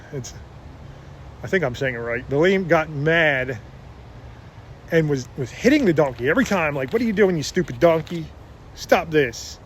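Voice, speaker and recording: A man with a somewhat high voice gives an earnest, casual religious talk, retelling Bible stories and frequently restarting his sentences. There's slight background noise.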